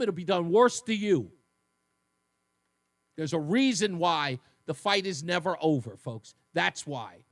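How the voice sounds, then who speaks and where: In a radio studio, a man hosts a talk radio show, delivering a fiery, mocking monologue and taking callers. He mimics others in shrill voices. His tone is fairly bright and the recording is dry.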